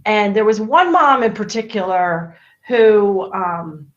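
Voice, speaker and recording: A woman's voice: mid-range voice, takes it slowly. Middle-aged woman, talkative, many fillers and restarts, video call, dull muffled audio. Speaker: guest, autism expert and parent. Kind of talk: casual interview chat.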